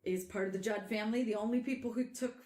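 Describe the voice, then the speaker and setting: A woman hosting a podcast, telling a story in casual chat, animated and quick to laugh. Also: a little high, reverberant. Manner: animated, laughs often, trails off and restarts. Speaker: podcast host.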